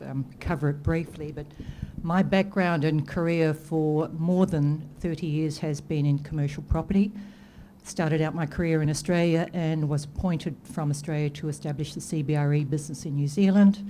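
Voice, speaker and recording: A woman in her fifties, a board director, speaking in formal meeting remarks that are measured and full of hesitations. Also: low-pitched, steady tone, warm tone, slight background noise.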